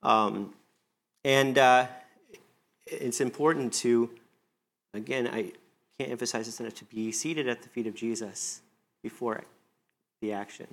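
A man's voice: a little slow, gravelly, long pauses. Male preacher, mid-range voice, conversational and earnest sermon delivery that voices quotes with lift. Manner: conversational, earnest, often acts out quoted lines with rising pitch. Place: church service.

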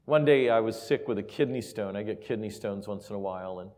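A man preaching a sermon and telling a personal story, moving from quiet, intimate asides to loud, emphatic peaks. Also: fairly low pitch, fairly quick. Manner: emotional, builds from soft asides to loud emphasis. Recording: reverberant hall.

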